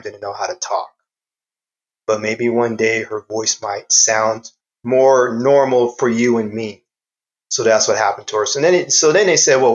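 Calm, earnest man telling a story. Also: medium pitch, rough recording. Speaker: fitness trainer and parent guest. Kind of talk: podcast interview storytelling.

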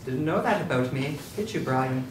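An actor reading a smug, bickering government agent with a mocking tone. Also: male voice, medium pitch, animated, normal speed, background noise, lightly acted. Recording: echoey room, distant mic.

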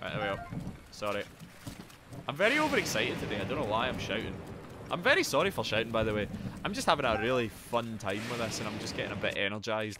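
A man streaming a game, chatting casually, excitable and swearing, breaking into shouts. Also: fairly low pitch, noisy background. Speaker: gaming streamer.

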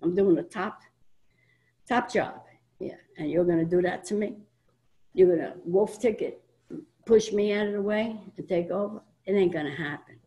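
A woman's voice: on the low side, normal speed, long pauses, rough recording. Older New York woman telling her story. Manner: animated storytelling that acts out quoted lines; emphatic, blunt and earthy. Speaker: speaker at a recovery convention. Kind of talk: personal testimony to a live audience. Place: convention meeting room before an audience.

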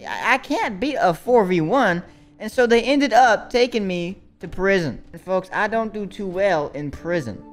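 A man's voice: high-pitched, lively intonation, unhurried, faint music behind, pitched above the performer's own voice. A young man putting on a Southern US accent as a rambling, mock-grand storyteller. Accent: put-on Southern US.

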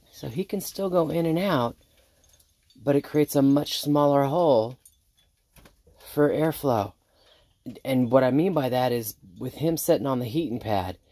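Woman homesteader, low voice, a little sick, relaxed rambling chat about her chores, dry close sound. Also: no echo. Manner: relaxed, rambling with many ums. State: sick, under the weather. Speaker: homestead vlogger. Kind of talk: casual chat while doing chores. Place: outdoors on a small farm.

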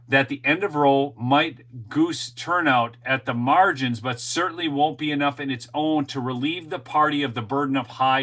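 A middle-aged man with a fairly high, bright and forceful voice hosts an opinionated commentary monologue. He is emphatic and keeps talking straight to his viewers. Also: husky, low-quality recording. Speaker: show host and political commentator.

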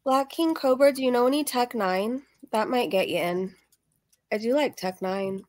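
On the high side and a little mellow, this reaction host's voice moves at a moderate pace. She laughs often and keeps things chatty and sarcastic, though screaming has left her slightly strained.

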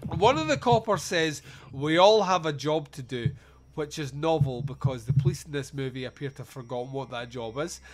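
This podcast host speaks at an ordinary pace in a slightly high voice, retelling film scenes for a casual comedy show. His review is animated and sarcastic, peppered with profanity.

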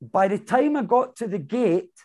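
A man's voice: high voice, expressive, normal speed, a little mellow. A man hosting an interview, asking friendly, joking questions. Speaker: interviewer host. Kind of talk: casual interview chat.

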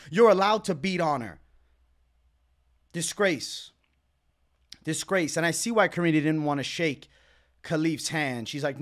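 Angry ranting high-voiced man. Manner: indignant ranting, repeats words for emphasis. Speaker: MMA commentator. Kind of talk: angry reaction commentary.

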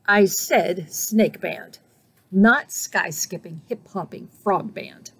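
A woman voicing a little male snake who is peevish and insistent, speaking slowly and with emphasis in a storybook reading. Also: medium pitch, gravelly, husky, heavily acted. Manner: slow, emphatic, rising to a shout.

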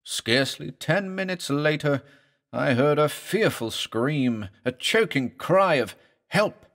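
Man reading a horror story with lively pitch. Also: slow pace. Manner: grave, dramatic reading. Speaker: narrator. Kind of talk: scripted horror story narration.

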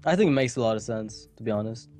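A man casting an esports match, chatting casually between games with quick asides and jokes. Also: lowish voice, lively intonation, darkish tone, faint music behind. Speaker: esports caster. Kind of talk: casual pre-match commentary.

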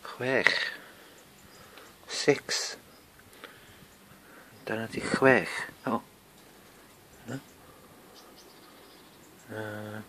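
A man with a Welsh accent, chatting slowly and rambling to himself as he walks through his garden, filming on a handheld camera, mixing English and Welsh. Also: lowish voice, animated, a little hiss or hum. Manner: slow rambling chat, mutters to himself; switches between English and Welsh. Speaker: gardening vlogger. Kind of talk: casual garden walk-through. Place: outdoor garden. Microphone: handheld camera or phone.

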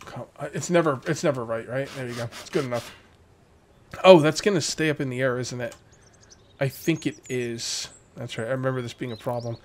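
A man's voice: mid-range voice, fairly quick. A man hosting a let's play, chatting to himself and his viewers as he builds in a survival game and jokingly scolds the characters in his way. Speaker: gaming channel host.

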